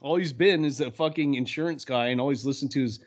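A man on a casual movie podcast talks emphatically and swears a lot, often with rhetorical questions. His voice sits at a middle pitch. The recording sounds dull and low-fi. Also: fast, crowd noise. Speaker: podcast co-host.

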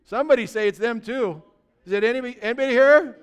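A male pastor preaching a lively, conversational sermon, often asking the congregation questions. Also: very high-pitched, fast, clean tone.

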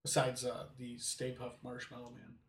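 A man's voice: mid-range voice, monotone, moderate pace, far from the mic. A man co-hosting a casual podcast chat, rambling with lots of fillers and restarts. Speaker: podcast co-host. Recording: roomy, from off-mic.

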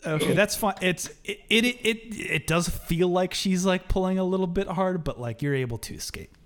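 A man's voice: high-pitched, normal speed, fairly bright tone. A man narrating as game master in a tabletop game, chatty with loose restarts.

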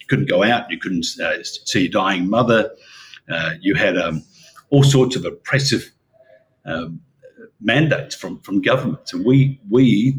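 Low-voiced man, hesitant and argumentative. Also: a little hiss or hum, poor audio. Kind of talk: conversational discussion.

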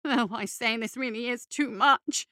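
A man's voice: very high-pitched, fairly even intonation, unhurried, sharp tone, smooth, dry recording, studio quality, exaggerated voice. A woman voicing a thin, cowardly, foppish male bureaucrat in an audiobook, whiny, pompous and fussy. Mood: tearful. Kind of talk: audiobook character voice.

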